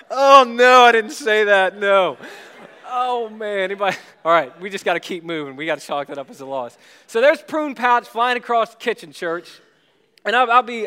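A man's voice: sits high, sharp tone. A young adult male pastor preaching a sermon, telling a personal story with self-deprecating humor. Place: church.

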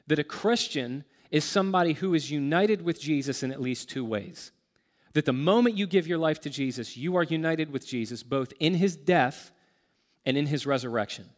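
A man preaching a sermon as pastor, earnest and emphatic, slowing to stress key words. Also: on the high side, in a large hall.

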